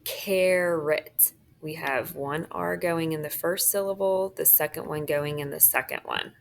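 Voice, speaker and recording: A woman's voice: low-pitched, normal speed, vocal fry, a little hiss or hum. A woman teacher walking students through a phonics worksheet, often checking in with "okay?" as she marks words. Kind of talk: phonics lesson walkthrough.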